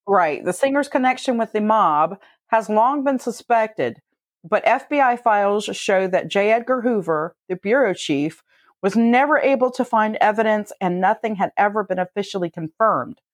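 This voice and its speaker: A woman's voice: mid-range voice, animated, normal speed, no room sound. Dry, matter-of-fact woman. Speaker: co-host presenting facts. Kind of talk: casual comedic chat, reading out facts.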